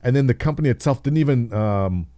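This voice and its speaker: A man's voice: mid-range voice, animated, quick pace, dark tone, no echo. A man in his thirties, host of a livestream, chatting casually and jokingly, answering viewers by name. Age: 30s. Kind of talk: casual chat with live chat readers.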